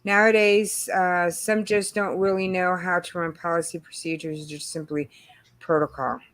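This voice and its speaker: A woman's voice: fairly low pitch, fairly even intonation, moderate pace, a bit bright, dry recording. A woman hosting a casual livestream chat, rambling and filling her talk with "you know". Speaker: channel host.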